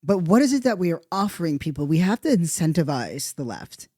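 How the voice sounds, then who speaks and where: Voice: mid-range voice, big pitch swings, a little fast, warm tone, no echo, clean studio sound. A podcast host giving a casual monologue, rambling and profane, thinking aloud and tagging points with "right?".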